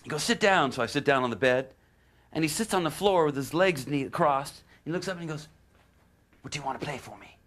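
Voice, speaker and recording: A guitarist telling a lively anecdote, putting on other people's voices and laughing often. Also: male voice, a little high, a little fast. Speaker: guitarist, interviewee. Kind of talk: animated storytelling.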